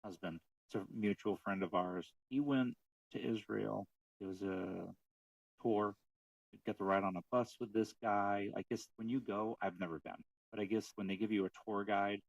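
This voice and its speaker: A man co-hosting a casual podcast about faith, telling stories with animated retelling of what others said. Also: fairly low pitch, moderate pace, no echo, recorded from a distance, poor audio. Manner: storytelling, animated retelling of quotes. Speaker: podcast co-host.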